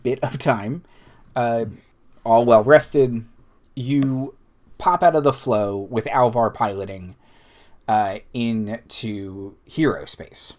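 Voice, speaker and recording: A man narrating a tabletop game as game master, halting, with many fillers and restarts. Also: mid-range voice, darkish tone.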